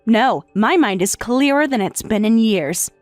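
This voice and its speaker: Woman doing a cool sarcastic wife, lively higher voice, dry sound, text story. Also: measured pace, no echo, soft background music. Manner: cool and sarcastic, matter-of-fact. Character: calm, sarcastic wife who has left her husband. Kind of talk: text-message story narration.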